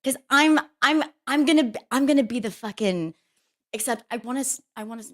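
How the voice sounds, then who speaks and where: Woman co-host, fairly high voice, brash and profane, animated storyteller. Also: brisk. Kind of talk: casual talk show banter.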